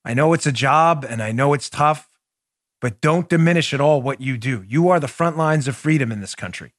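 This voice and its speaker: A man's voice: on the high side, a little fast, a bit bright, dry recording, clean studio sound. A man hosting a political commentary podcast, speaking with impassioned indignation and frequent stumbling restarts. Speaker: podcast host.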